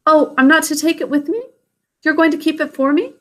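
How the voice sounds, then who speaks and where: A woman's voice: sits high, a little fast, a bit bright, pitched above the performer's own voice. A woman voicing a sweet, eager young princess who exclaims breathlessly. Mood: anxious.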